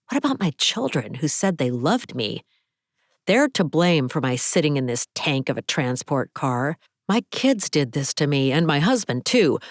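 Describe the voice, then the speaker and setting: Female audiobook narrator, low register, dramatic thriller delivery, dry close sound. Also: no echo. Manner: dramatic, expressive thriller reading.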